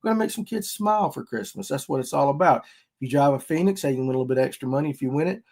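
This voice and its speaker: A man's voice: mid-range voice, lively intonation, very fast, gravelly, darkish tone. A man hosting a casual fishing podcast, folksy and rambling. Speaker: podcast host.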